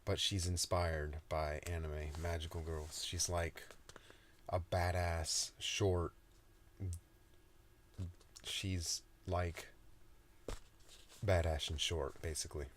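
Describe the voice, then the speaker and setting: A man's voice: deep voice, flat delivery, takes it slowly, long pauses, slight background noise. A man reading his own story aloud in a soothing style, with casual, joking asides.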